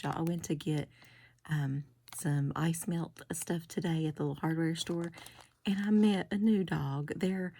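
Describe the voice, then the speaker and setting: Low gravelly woman chatting. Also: dark tone. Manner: chatty, rambling, giggly asides. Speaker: crafting vlogger. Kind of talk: casual haul chat.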